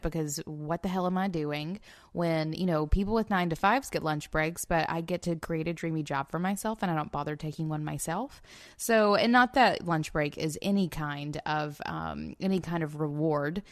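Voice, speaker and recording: A woman's voice: low-pitched, normal speed, dry recording. Dry-sounding wry woman co-host. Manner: wry, joking, casual swearing. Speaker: podcast co-host. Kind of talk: casual chat.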